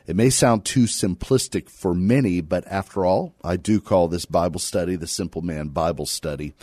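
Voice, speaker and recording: Guy teaching bible study, reads verses out with punch then talks it through, deep mellow voice, dry close sound. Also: moderate pace, hardly any pauses, no room sound. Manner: reads scripture aloud with emphatic quotes, then talks plainly. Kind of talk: scripture reading and Bible teaching.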